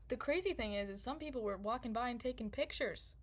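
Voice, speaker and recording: A woman's voice: a little high, animated, fast. A young woman telling a story casually to camera, rambling, laughing often and full of fillers. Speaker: vlogger.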